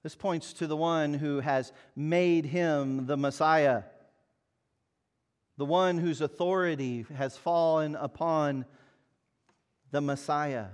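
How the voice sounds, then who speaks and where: A man's voice: on the high side, steady tone, slow, pauses often, smooth. A man preaching a sermon in an earnest, emphatic way, asking the listeners pointed rhetorical questions. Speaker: pastor.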